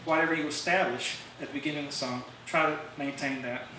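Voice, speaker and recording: A man's voice: a little high, steady tone, quick pace, bright, forceful tone. A man giving an informal songwriting talk at a club meeting, rambling with fillers and restarts, recorded from a distance in a meeting room. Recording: very echoey room, distant mic, faint hiss.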